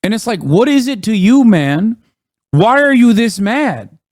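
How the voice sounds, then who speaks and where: A man's voice: high-pitched, big pitch swings, unhurried, darkish tone, dry recording, clean studio sound. A man live-streaming, ranting in blunt, profane casual commentary and mocking what he reacts to.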